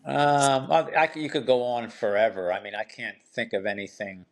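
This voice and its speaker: A man's voice: medium pitch, fairly even intonation, moderate pace. A middle-aged man, a guest in a casual chat, speaking bluntly with a joking edge and short replies.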